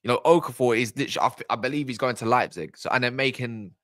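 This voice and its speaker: A man's voice: medium pitch, rapid-fire, fairly bright tone, no room sound, clean studio sound. A man hosting a football fan channel, chatting casually on a live stream in a blunt, rambling way and swearing freely.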